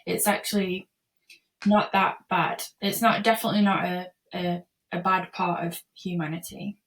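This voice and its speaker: A woman's voice: fairly low pitch, little pitch movement, normal speed, fairly bright tone, far from the mic. A woman who is a podcast guest, speaking in an earnest, reflective way in a casual interview.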